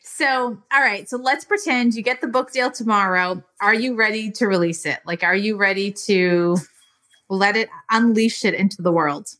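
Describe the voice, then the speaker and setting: Woman podcast host, enthusiastic casual talker, bright tone. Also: mid-range voice, steady tone, normal speed. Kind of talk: casual chat.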